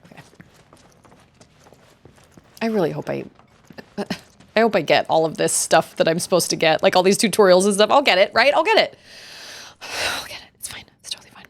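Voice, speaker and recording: A woman's voice: fairly low pitch, lively intonation, fairly quick, creaky, long pauses. A young woman streaming a video game, chatting and reacting aloud as she reads the game text, with game music behind. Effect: occasional robot voice filter. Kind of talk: casual live gameplay commentary.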